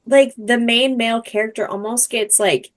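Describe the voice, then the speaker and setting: A woman's voice: on the high side, steady tone, normal speed. A young woman co-hosting a book podcast, casual and teasing with sarcastic asides. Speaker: podcast co-host.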